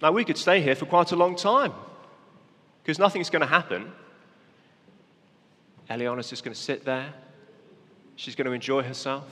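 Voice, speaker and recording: Guy doing a kids talk at church, lively and coaxing, bright voice, echoey hall. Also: a little high, normal speed, pauses often. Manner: lively, coaxing, directs children on stage. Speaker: preacher giving a children's talk. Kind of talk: sermon with volunteers acting a parable.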